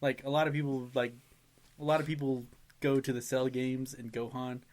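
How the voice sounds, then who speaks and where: A man's voice: medium pitch, little pitch movement, moderate pace, darkish tone. A young man co-hosting a casual podcast chat, telling stories animatedly, laughing often and swearing freely. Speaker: podcast co-host.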